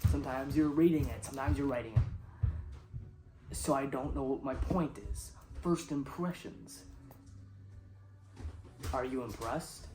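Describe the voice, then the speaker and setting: Rambling deadpan man in an echoey room. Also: medium pitch, measured pace, pauses often. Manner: rambling, deadpan, with sudden loud outbursts. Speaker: comedy show host. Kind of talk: absurdist deadpan monologue.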